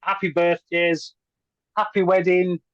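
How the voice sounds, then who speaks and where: A man's voice: high voice, little pitch movement, no echo. A man hosting a casual interview, responding with eager affirmations. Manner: enthusiastic, quick affirmations. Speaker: podcast host. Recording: dry, muffled lo-fi sound.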